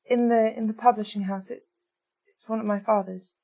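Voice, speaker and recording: A woman's voice: fairly high pitch, fairly even intonation, moderate pace, mellow. A woman playing her character in a tabletop game, polite and stammering. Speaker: player. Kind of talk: in-character tabletop role-play.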